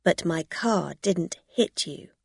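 A woman voicing a shrewd, determined woman who calmly confronts a swindler. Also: lowish voice, takes it slowly, gravelly, husky, no echo, studio quality, full character voice. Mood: firm.

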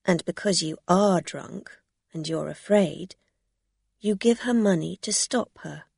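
A woman voicing a shrewd, determined woman who calmly confronts a swindler. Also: on the low side, a little slow, gravelly, slightly rough, dry recording, studio quality, heavily acted. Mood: firm.

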